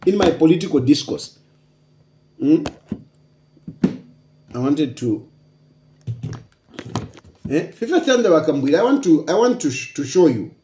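Emphatic Zambian man, high lively voice. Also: echoey room, slight background noise. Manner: repetitive, emphatic, asks rhetorical questions. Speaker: political commentator. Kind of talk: casual political commentary.

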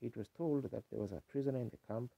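A man's voice: mid-range voice, fast talker, gravelly, husky. A man preaching a sermon in a folksy, earnest storytelling manner, on a dull 1950s tape.

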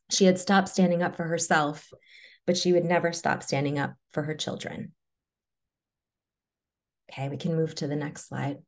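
A woman reading a personal story aloud in a measured, low-key way, then presenting to an audience. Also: mellow. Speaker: webinar presenter.

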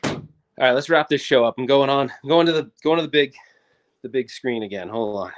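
A man's voice: medium pitch, lively intonation, brisk. A man in his forties hosts a casual livestream. He rambles in an upbeat way, jumps between thoughts and restarts sentences as he goes. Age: 40s. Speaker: livestream host.

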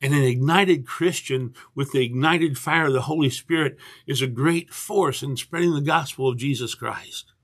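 An older man, a pastor, giving a livestreamed morning devotion in an earnest, unhurried way, with frequent restarts. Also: medium pitch, a bit bright, slightly rough.

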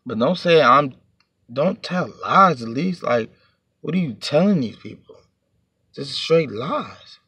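A man's voice: medium pitch, expressive, slow, pushed and bright, husky, no room sound. A man telling a storytime to his vlog audience in a heated, profane, rambling rant, sitting a bit back from the mic.

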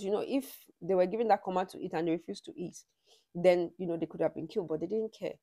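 A woman's voice: lowish voice, fast talker, dark tone, dry recording. A woman giving a conversational devotional teaching and leading a prayer, with frequent "you know" asides.

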